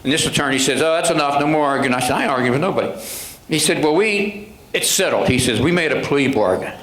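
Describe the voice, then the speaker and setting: An older man, a police sergeant, talks to a club audience. He retells old exchanges with judges and attorneys, acting out each of their voices. His voice sits a little high, and the room gives it a clear echo. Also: lively intonation, fast talker, a bit bright. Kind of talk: anecdotal storytelling talk. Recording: echoey room.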